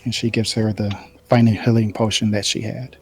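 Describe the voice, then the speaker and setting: A man's voice: lowish voice, fairly quick, over music. A man running a tabletop role-playing game as game master, narrating at an easy pace with many ums. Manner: narrates with frequent ums, relaxed.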